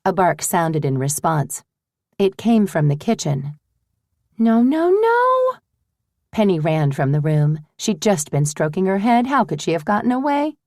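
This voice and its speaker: A woman narrating an audiobook in a measured, even way. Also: low-pitched, dry recording, clean studio sound.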